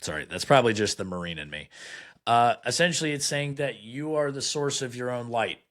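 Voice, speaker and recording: A man's voice: medium pitch, animated, brisk, a bit bright. A man hosting a podcast, giving blunt critical commentary as he reads card meanings aloud, sarcastic and full of fillers. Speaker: podcast host.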